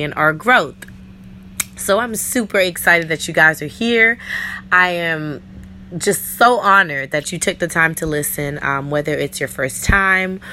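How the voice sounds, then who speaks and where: New york woman doing her faith podcast solo, kinda rough voice this week, bright and punchy, playful chatty vibe. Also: sits low, slight background noise. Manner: chatty, playful, talks straight to listeners. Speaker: podcast host.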